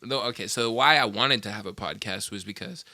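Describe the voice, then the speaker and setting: Sharp-voiced young man telling rambling stories. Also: lowish voice, fairly quick, dry recording, studio quality. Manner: rambling, profane storytelling full of "like". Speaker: podcast host; machinist. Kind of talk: casual chat.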